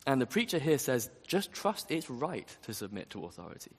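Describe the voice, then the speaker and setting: A man's voice: mid-range voice, very animated, moderate pace, husky. A man preaching a sermon, earnest and emphatic, often asking his listeners rhetorical questions. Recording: long reverb of a large hall.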